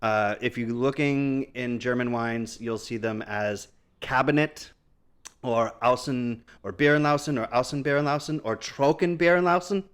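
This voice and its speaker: A man's voice: mid-range voice, normal speed, a bit bright, clean tone. Man in his thirties explaining wines. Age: 30s. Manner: explains wine knowledgeably, laughs often. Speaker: podcast co-host. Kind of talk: casual chat.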